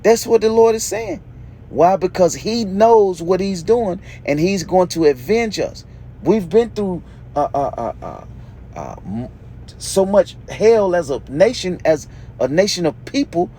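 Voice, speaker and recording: An unhurried preacher speaks in a high, sing-song voice with a dark tone, over slight background noise. Each verse is read aloud and then emphatically explained, and he asks "okay?" after almost every point.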